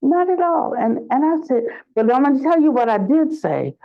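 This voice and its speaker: An older woman giving a dharma talk as a Buddhist teacher, reflective and searching for words, and lively when she tells a story. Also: high voice, normal speed, few pauses. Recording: dull lo-fi recording.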